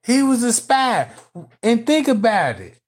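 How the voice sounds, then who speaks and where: In casual video commentary, this commentator speaks at medium pitch with a sing-song, measured delivery. Addressing the audience directly, the talk is emphatic, profane and laced with street slang.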